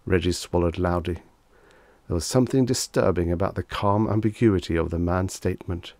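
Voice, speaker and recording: A man with a deep, low voice reads a vintage short story aloud at an even storytelling pace. The sound is dry and close, with no music behind him. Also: normal speed, no room sound. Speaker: audiobook narrator.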